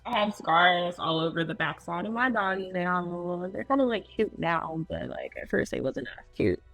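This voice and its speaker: A woman's voice: lowish voice, sing-song, normal speed, a bit bright, faint music behind, low-quality recording. A woman telling her own story as a guest in a loose, casual way, full of filler words.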